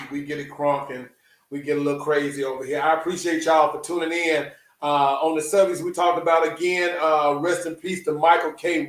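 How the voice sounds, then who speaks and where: A man closes out his talk show in an easy, rambling way, leaning on slang and saying things twice. His voice sits a bit high. He sounds set back from the mic in an echoing room. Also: recorded from a distance. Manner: laid-back, repeats phrases, Southern US slang. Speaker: podcast host. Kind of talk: casual show sign-off chat.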